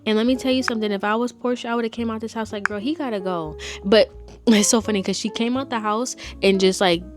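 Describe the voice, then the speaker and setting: Brief: young woman vlogger, fairly high voice, sassy and exasperated, soft music under her. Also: fairly even intonation, quick pace. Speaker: TV review vlogger. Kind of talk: casual chat.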